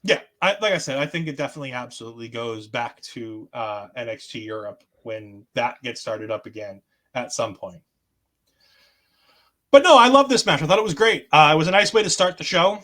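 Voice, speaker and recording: A man co-hosting a podcast, recapping in animated, casual chat and acting out what others said. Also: mid-range voice, a little fast. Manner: animated storytelling, acts out quotes. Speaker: podcast co-host.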